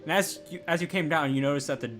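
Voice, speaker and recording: A man's voice: on the high side, fast, a bit bright, soft background music. A man narrating a tabletop game as game master, hesitant and full of restarts.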